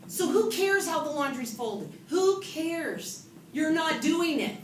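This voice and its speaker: A woman from California gives a humorous motivational talk to an audience, telling stories about herself with a lively, self-mocking manner. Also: a little high, normal speed. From California, USA. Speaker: author and event speaker. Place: event hall with an audience. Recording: echoey room from a distant mic with noise.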